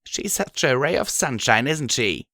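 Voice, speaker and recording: A man voicing a cheerful female pony soldier who talks about pain with dark amusement. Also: mid-range voice, very animated, a little slow, no echo, studio quality, voice pushed up, full character voice. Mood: amused.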